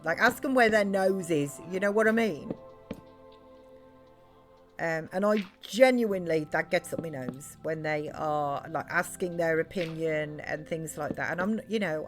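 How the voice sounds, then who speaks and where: A middle-aged British woman chatting loosely while streaming a game, rambling with many fillers and restarts. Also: medium pitch. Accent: British English. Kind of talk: casual chat while live-streaming a game.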